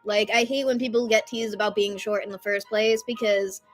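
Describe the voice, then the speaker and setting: A woman in her twenties chatting casually and rambling on a live stream, loud at times. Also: mid-range voice, steady tone, brisk, faint music behind.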